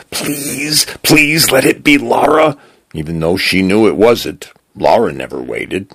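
A man with a gravelly voice reading a story aloud in measured narration. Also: extremely low pitch, dry recording. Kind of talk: scripted narration.

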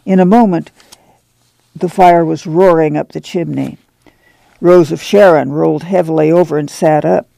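A man narrating an audiobook at a steady, measured pace. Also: fairly high pitch, gravelly, dry recording, rough recording.

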